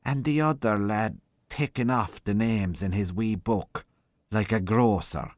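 A man's voice: on the low side, unhurried, dry recording, pitched above the performer's own voice, close to an everyday voice. A man voicing a chatty, rambling Irish country policeman who marvels aloud. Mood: marvelling. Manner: rambling, wondering talk.

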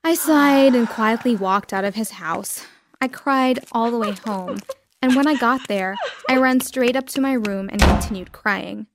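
A woman narrating a dramatic first-person story with expressive delivery. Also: a little high, measured pace, noisy background.

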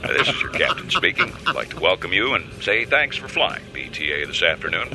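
A man playing a calm airline pilot in a scripted comedy sketch, with a steady announcer delivery. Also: low-pitched, fairly quick. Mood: deadpan. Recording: sketch with music bed.

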